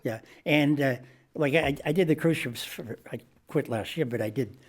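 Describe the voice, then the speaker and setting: A man's voice: medium pitch, normal speed, husky. An older man, a comedian guest, telling anecdotes in a podcast interview and acting out the people in them. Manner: animated anecdote teller who acts out voices.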